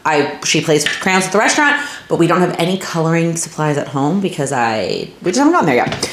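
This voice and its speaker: A young woman with a deep, sing-song voice talks fast while vlogging casually indoors at home. Her chat rambles and keeps interrupting itself, recorded in an echoey room with faint noise.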